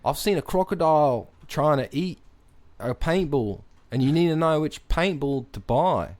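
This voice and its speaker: A man's voice: a little high, lively intonation, normal speed, darkish tone, lightly acted. Brief: man doing a cocky Australian paintball guy, mock Aussie accent, boastful. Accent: put-on Australian. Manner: boastful, says "mate" constantly. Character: brash male Australian paintball manufacturer "Dingo".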